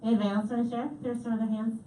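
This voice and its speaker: A woman giving a comedic keynote talk, lively and animated, repeating audience answers back to them. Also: a little high, rapid-fire. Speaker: keynote speaker. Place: large hall. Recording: echoey hall from far off, faint noise.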